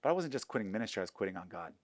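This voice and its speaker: A man preaching a sermon as pastor, telling a personal story, dropping to hushed tones and rising to loud, fervent appeals. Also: lowish voice, very animated, rapid-fire, no room sound.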